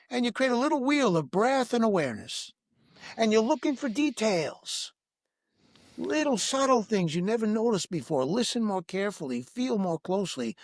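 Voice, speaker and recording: A man guiding listeners through a breath-awareness meditation in a slow, soothing, instructive way, asking repeated gentle questions. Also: sits high, dry recording, clean studio sound. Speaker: breathwork teacher, podcast guest.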